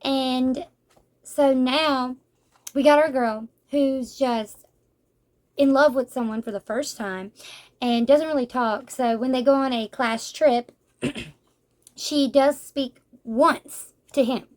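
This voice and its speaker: Chatty high-voiced woman reviewing manga. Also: takes it slowly. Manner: chatty and animated, acting out characters' lines, laughs often. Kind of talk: casual book review chat.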